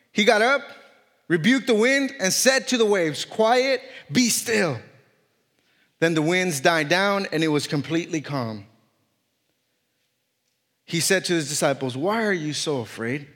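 This preacher's voice sits on the high side with a fairly bright tone, and he speaks English with a non-native accent. Reading scripture and then pressing his points through repetition and rising emphasis, he jokes self-consciously about how he sounds. Long reverb fills the church hall.

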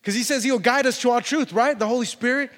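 A pastor tells a story in a sermon to his congregation, talking fast and packing in fillers and restarts. His voice is fairly high for a man and fairly bright in tone, and a long reverb makes it ring like a church hall.

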